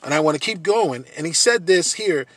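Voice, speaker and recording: A man's voice: fairly high pitch, expressive, brisk, fairly bright tone, no room sound. A man preaching a sermon, earnest, repeating phrases and building to emphatic peaks.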